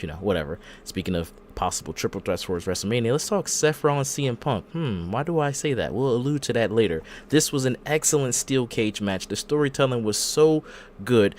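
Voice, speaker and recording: A man hosting a podcast in casual chat, retelling events in an animated way and acting out the quotes. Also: medium pitch. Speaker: podcast host.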